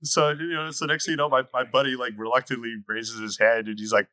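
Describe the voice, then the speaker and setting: A man co-hosting a podcast, telling stories in an animated, casual way and laughing easily. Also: mid-range voice, fast talker, dry recording, clean studio sound. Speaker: podcast co-host. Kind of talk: casual storytelling chat.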